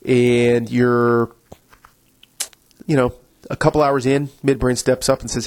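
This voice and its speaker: In a rough recording, a man hosting a podcast explains things casually at a slow pace, pausing often, his medium-pitched voice flat and darkish. He keeps restarting his sentences and acts out inner voices as he talks.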